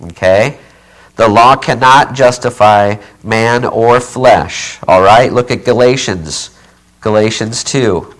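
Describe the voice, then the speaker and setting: A man's voice: fairly low pitch, takes it slowly, poor audio. A man preaching a Bible teaching sermon, emphatic and repetitive, often checking in with "okay". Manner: emphatic, repeats key phrases, checks in with okay; says he keeps yelling.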